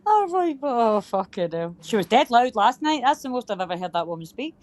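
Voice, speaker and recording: A woman chats loudly and swears often, with a fairly high voice. She laughs a lot as she talks with the others on a live-stream panel. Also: sing-song, fairly quick. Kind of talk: casual chat.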